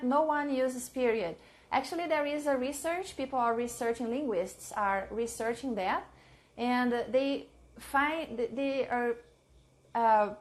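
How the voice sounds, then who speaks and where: A Portuguese-speaking woman with a Brazilian accent, an English teacher giving a live online lesson, repeating phrases slowly for learners and mixing in Portuguese. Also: sits high. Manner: switches between English and Portuguese.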